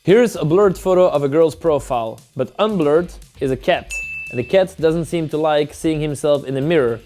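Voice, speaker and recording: A man's voice: a little high, normal speed, dark tone, soft background music. Wry man hosting a texting show. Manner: wry, teasing commentary. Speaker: host rating viewers' dating texts. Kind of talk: playful commentary reading chat messages aloud.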